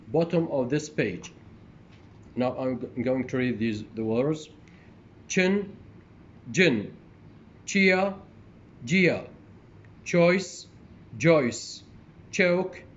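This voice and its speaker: Iraqi man lecturing, roomy lo-fi sound. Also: a little mellow. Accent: Iraqi Arabic. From Iraq. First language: Arabic. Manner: halting, many restarts and drawn-out fillers, drills word pairs clearly. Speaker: English phonetics lecturer. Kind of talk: classroom lecture, switching between English and Arabic. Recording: roomy, dull lo-fi recording with faint rumble.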